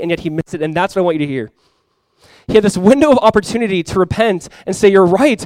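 Pastor, male, fast conversational sermon delivery with bursts of emphasis, dry close sound. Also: high-pitched, darkish tone, dry recording, low-quality recording. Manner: conversational storytelling with sudden emphatic rises.

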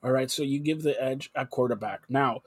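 A man's voice: mid-range voice, fairly quick, breathy edge, dry recording. A man hosting a sports talk radio show, brash and jokey, steering the chat with leading questions.

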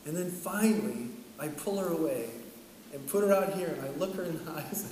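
A middle-aged man preaching a sermon, telling a story in an animated way and acting out the dialogue. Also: fairly high pitch, fairly quick, a little hiss or hum. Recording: echoey hall from far off, faint ambience.

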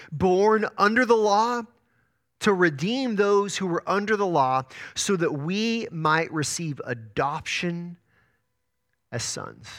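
A man preaching in an earnest sermon style, his voice sitting a little high for a man. He swings from sharp, rising peaks down to soft, low endings, and often stumbles and restarts words as he goes. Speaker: pastor.

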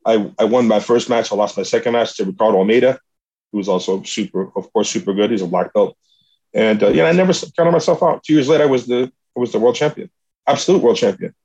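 A man's voice: on the low side, fast talker, a little mellow, slightly rough. A man, a jiu-jitsu athlete, telling a story in an earnest, rambling, motivational way. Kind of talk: casual storytelling. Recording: dull lo-fi recording.

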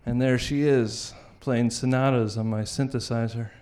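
A young man telling a personal story to an audience, wry and animated, often laughing as he goes. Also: mid-range voice, normal speed.

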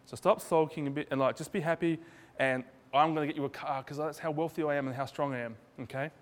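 Man, sermon, conversational, acts out dialogue, slightly high voice, long hall reverb. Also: fairly even intonation, fast talker. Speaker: preacher.

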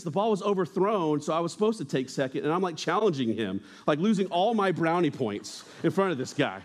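A young man preaches to a church congregation in a loose, conversational way. His voice sits a little high, and he slips in jokes and asides between the readings. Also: animated, fast, few pauses. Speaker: pastor. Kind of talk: casual sermon.

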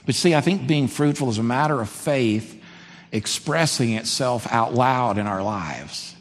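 A man preaching a sermon as a pastor, conversational and animated. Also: medium pitch. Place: church sanctuary. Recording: long hall reverb, faint background noise.

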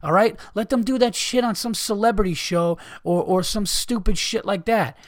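A man with a fairly high voice rants into the mic, profane and exasperated. He slips into mocking imitations of other people. The sound is dry and close, with no room echo. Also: normal speed. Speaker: podcast host. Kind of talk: ranting monologue.

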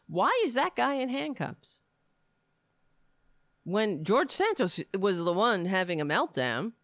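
A woman's voice: medium pitch, big pitch swings, slow, pauses often, no echo, studio quality. A woman hosting a podcast, delivering angry political commentary in a sarcastic, profane rant. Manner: sarcastic, profane ranting with mocking voices. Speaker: podcast host.

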